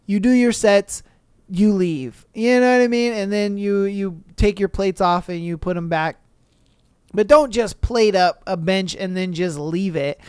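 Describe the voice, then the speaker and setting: A man's voice: sits high, darkish tone, clean tone, dry recording, studio quality. Exasperated young man hosting a podcast. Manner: casual, profane, exasperated rants. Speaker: podcast host. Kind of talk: solo podcast reading and reacting to stories.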